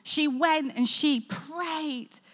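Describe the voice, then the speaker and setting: A woman's voice: high-pitched, very slow, fairly bright tone, long reverb tail. A woman pastor preaching and praying in an earnest, conversational way. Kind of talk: sermon. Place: church hall.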